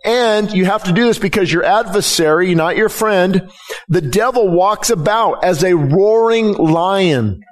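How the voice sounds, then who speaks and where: A man's voice: sits high, measured pace, soft background music. A middle-aged man preaching a sermon as pastor, emphatic and often repeating words as he presses his point.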